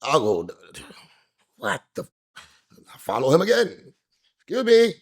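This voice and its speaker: Husky New man telling a story. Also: huge pitch swings, unhurried, pauses often. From New York. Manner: acts out quoted voices, jumping high and loud. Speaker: interview guest. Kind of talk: animated storytelling.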